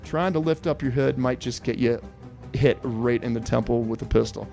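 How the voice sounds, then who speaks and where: A man hosting a podcast interview, politely addressing his guest as sir while laying out a survival quiz with lively storytelling. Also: medium pitch, moderate pace, gravelly, soft background music. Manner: respectful, calls guest sir, animated storyteller. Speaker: podcast host.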